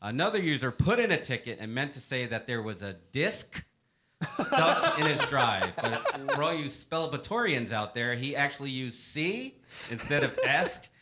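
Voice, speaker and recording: Upbeat male webcast host, lively pitch, bright tone, playful storyteller. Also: moderate pace, a little hiss or hum. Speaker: webcast segment host reading help desk stories. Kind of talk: casual storytelling to a panel.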